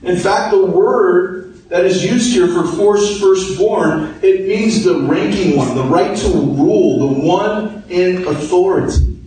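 A man preaches in a relaxed, storytelling manner, explaining terms as he goes. His voice sits somewhat high. It is picked up from a distance in a very echoey room with faint noise. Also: takes it slowly. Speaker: pastor. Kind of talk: sermon.

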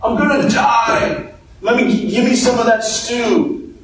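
A man's voice: extremely high pitch, slow pace, a bit bright, a little hiss or hum, voice pushed up, full character voice. A man voicing a whiny, melodramatic young man who is starving, heard from far off in an echoey room. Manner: melodramatic, complaining.

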